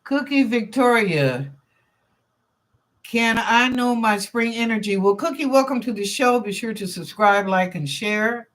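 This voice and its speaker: Slow, chatty woman giving psychic readings. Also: a little high, lively intonation. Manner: chatty and informal, thinks aloud, repeats phrases. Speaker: psychic reader and show host. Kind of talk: live-stream psychic readings, answering chat questions.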